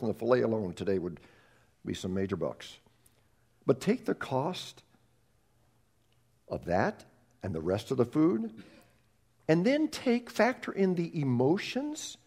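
A middle-aged male pastor with a fairly high-pitched voice preaches a sermon. He tells a story with animated delivery, restarting often.

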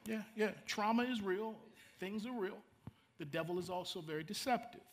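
A middle-aged pastor with a high voice preaches a sermon at a moderate pace in a conversational way. He repeats words and makes asides to the congregation.

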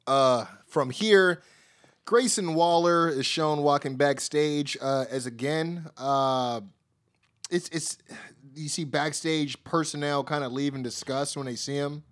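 A man's voice: on the high side, slow, fairly bright tone. A man co-hosting a podcast, recapping wrestling shows in loose, profane chat, laughing often and acting out quotes. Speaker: podcast co-host.

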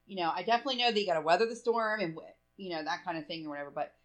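A woman's voice: fairly low pitch, very fast. A woman co-hosting a casual chat, speaking candidly and frankly, laughing often and swearing. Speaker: podcast co-host.

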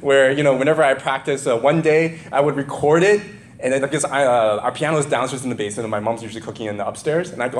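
A man's voice: medium pitch, fast talker, a little hiss or hum. A middle-aged man preaching a sermon, reading scripture aloud and then telling personal stories in a loose, conversational way with frequent chuckles. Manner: animated storytelling, chuckles often, loose conversational asides. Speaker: pastor.

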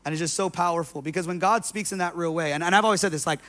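Man preaching in a slightly high voice. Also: racing, a bit bright. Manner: conversational preaching, storytelling with many fillers. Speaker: pastor. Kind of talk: sermon.

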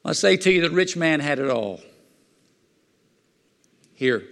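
A man preaching a sermon in a fervent, folksy way, swinging between loud excitement and quiet asides. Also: on the high side, unhurried, creaky. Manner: folksy plain-spoken preaching. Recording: long hall reverb.

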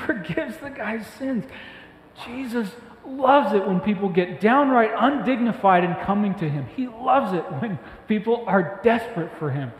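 Emphatic high-voiced preacher in an echoey hall. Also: male voice, normal speed. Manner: emphatic, rising to excited bursts then dropping soft. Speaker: pastor. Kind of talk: sermon. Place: church hall. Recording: echoey hall with faint ambience.

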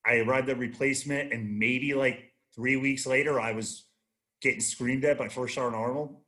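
A man's voice: medium pitch, steady tone, normal speed, bright, forceful tone. A man in his thirties, a guest on a casual chat show, telling rambling, profane stories with many restarts. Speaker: podcast guest, army veteran.

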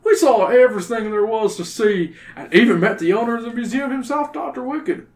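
A man's voice: extremely high pitch, brisk, roomy sound, voice pushed up. A man voicing an angry, lecturing middle-aged male teacher who scolds his students. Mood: scolding. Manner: indignant, lecturing.

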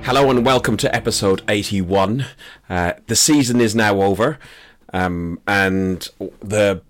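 A man's voice: fairly low pitch, a little slow, faint music behind. A man with an Irish accent hosting a casual chat podcast, tired and rambling, joking about himself. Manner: joking, rambling, self-mocking. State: tired after a long drive and a late night. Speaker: podcast host.

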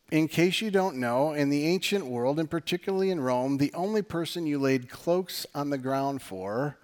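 A pastor with a slightly high voice preaches a sermon in a conversational style. He poses rhetorical questions to the audience and uses dry, sarcastic humor.

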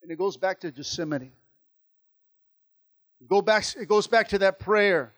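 A man preaching a sermon as pastor, impassioned, dropping soft and then building loud, often repeating words. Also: high voice, normal speed, low-quality recording. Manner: repeats words and restarts phrases.

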